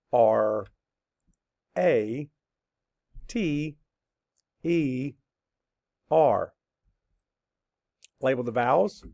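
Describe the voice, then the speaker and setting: A male teacher talks at a slow, measured pace through a spelling lesson. He spells each word out letter by letter and answers his own questions patiently. His voice has a gravelly edge, recorded dry and close with no room sound. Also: medium pitch, lively intonation, a little mellow, no echo. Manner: slow, deliberate letter-by-letter dictation.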